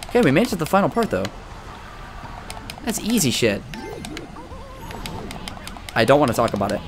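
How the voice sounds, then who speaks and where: A young man giving casual, profane let's-play commentary, excitable and trash-talking the game as he plays. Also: medium pitch, normal speed, soft background music. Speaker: gaming commentator.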